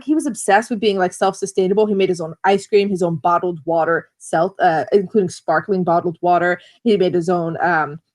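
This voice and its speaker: An American woman co-hosting a podcast, talking in an enthusiastic, playful, chatty way. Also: medium pitch. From United States. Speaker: podcast co-host. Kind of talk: casual chat. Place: bedroom at a relative's house.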